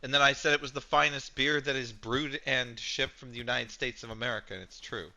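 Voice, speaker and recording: A man's voice: mid-range voice, steady tone, fairly quick, vocal fry, crowd noise, rough recording. A man in casual gaming chat, talking in a dry, matter-of-fact way. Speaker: streamer guest.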